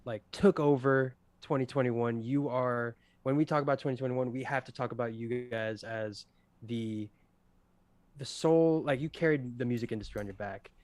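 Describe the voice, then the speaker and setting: A man's voice: medium pitch, moderate pace, a little mellow, no room sound. A young man co-hosting a casual livestreamed podcast, rambling with lots of fillers and easy laughter. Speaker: podcast co-host presenting awards.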